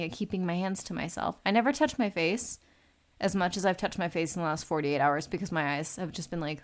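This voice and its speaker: A woman in her late twenties chatting casually and rambling as she draws on a live stream, swearing freely. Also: medium pitch. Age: late 20s. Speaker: art streamer. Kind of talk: casual chat while drawing.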